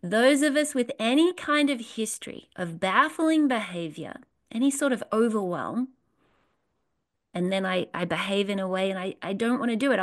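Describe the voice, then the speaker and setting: A woman's voice: medium pitch, lively intonation, normal speed. Woman leading a spiritual workshop. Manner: earnest, repetitive, asks the audience questions. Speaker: workshop leader. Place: workshop room with a live audience.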